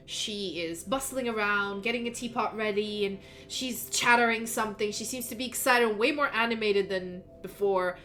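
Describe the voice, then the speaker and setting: A woman's voice: mid-range voice, fairly bright tone. A woman narrating as game master in a casual, hesitant way, with many fillers. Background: faint background music.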